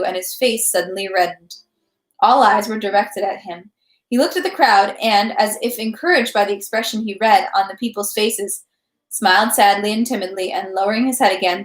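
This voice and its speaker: Woman narrating a novel in a roomy echo. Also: mid-range voice. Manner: steady narration with small self-corrections. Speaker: reader. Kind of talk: reading a classic novel aloud. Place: home.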